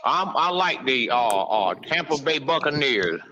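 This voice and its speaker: A friendly, easygoing man from Alabama with a Southern accent, calling in to chat with his cousin on the show. His pitch moves a lot and his voice is bright, coming through a dull, lo-fi call line. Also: big pitch swings, a little slow. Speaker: caller, host's cousin. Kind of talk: phone call.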